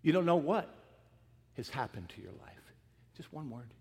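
A man preaching a sermon, retelling a story with acted quotes and dropping from loud emphasis to near-whispers. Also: on the high side, very animated, moderate pace, vocal fry, long pauses, husky, long reverb tail. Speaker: pastor.

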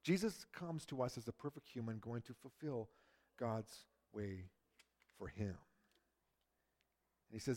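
A middle-aged man preaching a sermon, who swings from loud emphasis to a hushed near-whisper. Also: medium pitch, takes it slowly, long pauses. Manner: acts out quoted people in lively voices. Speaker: pastor.

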